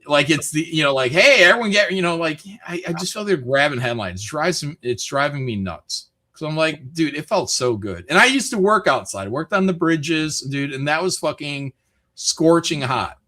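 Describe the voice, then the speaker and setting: Man, Michigan, streamer host, bright, rambling, swearing, casual chat. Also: on the high side, normal speed. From Michigan, USA. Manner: rambling, swears often, animated rants.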